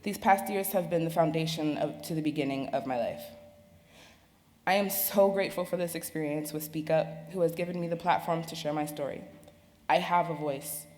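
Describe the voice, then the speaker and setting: Young woman reading her story slowly, lowish voice, big echoey hall. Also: darkish tone, slight background noise. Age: young adult. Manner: slow, earnest, halting delivery. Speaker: speaker sharing her story. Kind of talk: reading a prepared personal speech. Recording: reverberant hall with faint ambience.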